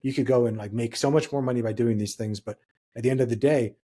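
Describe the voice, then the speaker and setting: Fast-talking, husky-voiced young man. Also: mid-range voice, fairly even intonation, mellow. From Hawaii. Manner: earnest storytelling, reflective. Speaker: podcast co-host. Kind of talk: casual podcast chat.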